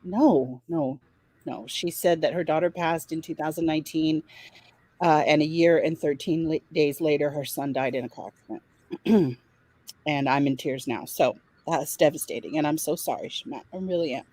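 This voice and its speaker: Gentle sympathetic woman co-hosting a livestream, lowish voice. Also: normal speed. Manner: gentle, sympathetic, speaks softly to viewers. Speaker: livestream co-host. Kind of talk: casual livestream chat.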